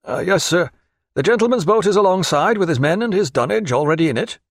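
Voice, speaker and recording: A man's voice: high voice, expressive, quick pace, no echo, pitched above the performer's own voice. A dutiful naval lieutenant with prompt, deferential replies, voiced by a man. The voice sits a bit above the narration in a dry, close recording.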